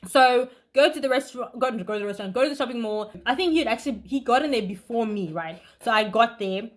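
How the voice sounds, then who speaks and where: A young woman vlogger telling a story in a casual, animated way, talking fast with bursts of emphasis. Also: a little high.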